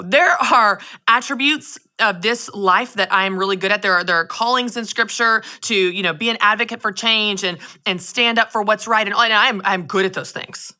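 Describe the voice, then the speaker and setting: A woman hosting a show, telling a personal faith story in a candid, chatty way that swings between loud exclamations and soft near-whispers. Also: medium pitch. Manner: candid, chatty, addresses listeners as "y'all". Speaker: podcast host.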